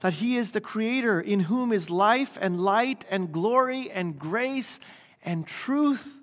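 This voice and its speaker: A man's voice: high voice, animated, slow pace, fairly bright tone. A man preaching a sermon in a church in a conversational way, often checking in with the congregation by asking "right?". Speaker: pastor. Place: church sanctuary. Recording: long hall reverb.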